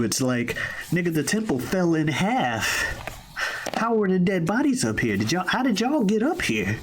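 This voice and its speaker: A man hosting a podcast, retelling a game's story in a loose, cursing, animated way. His pitch jumps around as he gets worked up, then settles low again. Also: slight background noise. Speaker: podcast host. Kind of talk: casual game recap.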